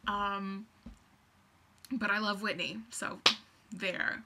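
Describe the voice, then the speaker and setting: A woman's voice: medium pitch, moderate pace, background noise. A young woman rambling in a casual vlog, gushing and scattered, full of fillers. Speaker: vlogger.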